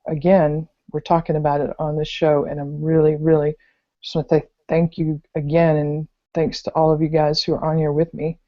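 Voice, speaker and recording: A woman's voice: deep voice, level tone, moderate pace. A middle-aged woman with a Southern US accent, rambling through a story as a guest co-host in a casual chat over a video call. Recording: dull lo-fi call audio.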